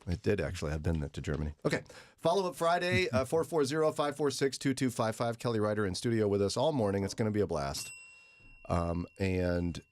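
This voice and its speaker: A man's voice: lowish voice, expressive, fairly quick. A man hosting a morning radio show, joking around in casual banter and teasing his co-hosts. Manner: joking, puts on silly accents. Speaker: radio host.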